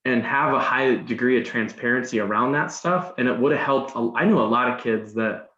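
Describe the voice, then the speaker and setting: A man's voice: medium pitch, brisk, fairly bright tone. A man guest on a podcast, telling a story casually, rambling, with many restarts and "like"s. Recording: roomy, dull sound.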